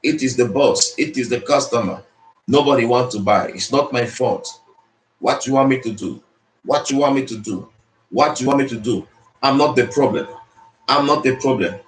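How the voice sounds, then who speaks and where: Motivational speaker, man, mid-pitched, preachy and repetitive, in an echoey room. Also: moderate pace, a little hiss or hum. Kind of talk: motivational speech. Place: speaking to an audience in the Philippines. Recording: roomy echo.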